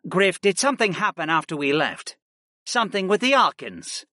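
A man's voice: high-pitched, sing-song, moderate pace, sharp tone, no echo, clean studio sound, voice pushed up, exaggerated voice. A man doing a fussy, snobbish young mage. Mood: uneasy. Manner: fussy, precise. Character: snobbish, well-groomed young male mage.

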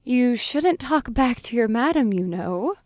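A man putting on a flirty high succubus woman. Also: animated, measured pace, no room sound, studio quality. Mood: flirtatious teasing. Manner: teasing, high falsetto.

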